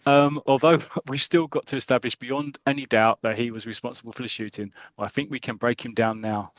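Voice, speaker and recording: A man's voice: mid-range voice, fairly quick, no echo. A British man co-hosting a podcast, casually and animatedly retelling a comic story. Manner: animated storyteller, acts out the lines. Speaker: podcast co-host.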